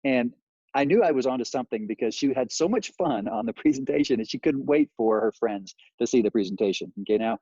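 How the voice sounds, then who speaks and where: A man's voice: mid-range voice, lively intonation, fast, warm tone, husky, no echo, highs cut off. A man giving a sales training talk, rambling with many fillers and acting out lines he would say to customers.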